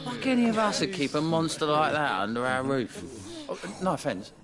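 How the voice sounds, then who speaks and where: An actor playing a bitter, blunt villager in a video game, speaking with scorn. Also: male voice, on the high side, big pitch swings, normal speed, a crowd in the background.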